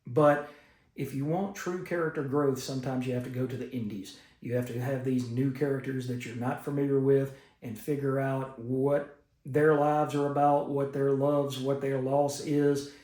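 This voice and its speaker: A man's voice: mid-range voice, level tone, moderate pace, dark tone. A man giving a casual, enthusiastic comic book review, recapping stories with fillers. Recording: roomy echo.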